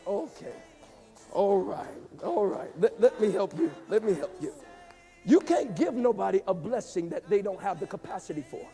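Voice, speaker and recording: A pastor man delivering a sermon with a notably high-pitched voice that stays mellow and dark in tone. He swings between emphatic, shouted lines and quiet, hushed passages, with faint music playing underneath. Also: sing-song, normal speed. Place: church.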